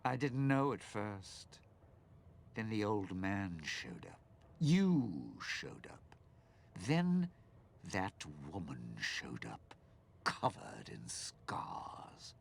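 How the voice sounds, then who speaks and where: An actor voicing a bitter, scheming older man in a video game, speaking in a menacing drawl. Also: exaggerated voice. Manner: low gravelly menacing drawl.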